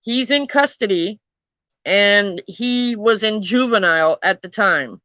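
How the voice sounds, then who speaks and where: A woman's voice: mid-range voice, lively intonation, takes it slowly, bright, forceful tone, no echo, muffled recording. A woman telling a true crime story in a casual, chatty way, swearing freely and talking to her viewers.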